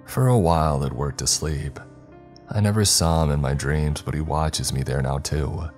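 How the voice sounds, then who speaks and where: A man's voice: rumbling low, normal speed, a little mellow, faint music behind. A man voicing a frightened young man who is losing his grip, panicked and pleading, breaking into screams, in a horror story. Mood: fearful. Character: frightened, unraveling young man haunted by a presence.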